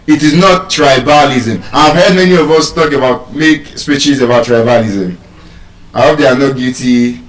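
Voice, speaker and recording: A Nigerian man teaching English word stress to a live audience, animated and quizzing the crowd with questions. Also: mid-range voice. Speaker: public speaker teaching pronunciation. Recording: echoey hall, voice from far off.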